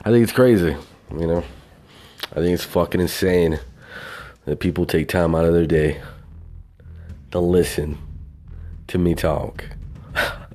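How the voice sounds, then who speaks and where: Rambling low-voiced Southern man. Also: a little slow, long pauses, dark tone. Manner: rambling, swears often, laughs at himself. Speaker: podcast host. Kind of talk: casual solo podcast monologue.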